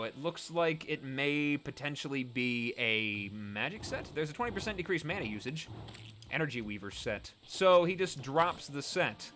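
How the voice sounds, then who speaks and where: A man giving chatty, excitable gameplay commentary as host of his let's play series, often poking fun at himself. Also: a little high, slight background noise. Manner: excitable, chatty, self-mocking.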